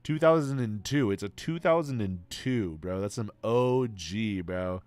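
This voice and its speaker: A young man with a fairly low voice chats on a live stream. He reacts to his chat excitably, swears a lot, and drops "bro" into nearly every sentence. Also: unhurried, smooth, no room sound. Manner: excitable, swears freely, says "bro" constantly. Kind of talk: casual livestream chat.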